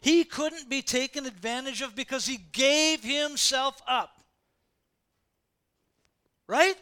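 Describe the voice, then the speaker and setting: A man's voice: very high-pitched, takes it slowly, sharp tone, clean tone. A man preaching a sermon in a conversational way, repeating phrases for emphasis and acting out quoted voices. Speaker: pastor.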